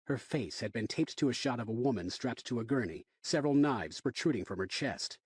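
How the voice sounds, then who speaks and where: A man narrating a thriller audiobook in the first person, in an expressive, tense reading. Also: mid-range voice, a little fast, husky, no room sound.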